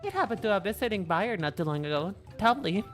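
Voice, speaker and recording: A man's voice: high-pitched, animated, fast talker, fairly bright tone, voice pushed up. A man casually reading a chatty female alpaca rancher's game lines aloud, stumbling now and then. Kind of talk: casual dialogue read-along. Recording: faint background music.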